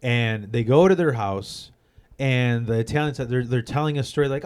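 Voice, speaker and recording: A man's voice: medium pitch, normal speed, a little mellow, clean tone. A young man with a Chicago accent, a comedian guest telling profane stories in a loose way, full of "like". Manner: loose, profane storytelling with many "like" fillers. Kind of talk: casual chat.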